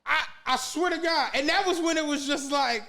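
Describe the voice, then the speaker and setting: He has a very high, creaky voice and speaks at normal speed. This podcast co-host animatedly tells a long story full of profanity, performing the people in it, in a casual storytelling chat.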